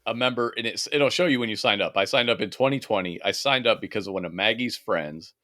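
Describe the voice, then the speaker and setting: A man co-hosting a casual podcast over remote mics, chatty and quick to laugh, swearing freely. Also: fairly low pitch, pushed and bright, no room sound, clean studio sound. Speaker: podcast co-host.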